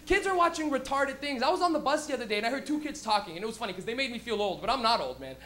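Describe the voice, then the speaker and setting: Bright-voiced, foul-mouthed young male comedian. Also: very high voice, lively intonation, racing, a little hiss or hum. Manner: profane, rowdy, acts out scenes in funny voices. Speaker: stand-up comedian. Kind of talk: live stand-up comedy. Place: comedy club stage.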